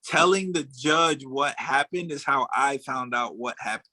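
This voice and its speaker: A man in his forties telling a long story in casual chat, acting out what people said with animated delivery. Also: mid-range voice, measured pace, no echo. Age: 40s. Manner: animated storyteller, acts out quotes. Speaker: podcast co-host.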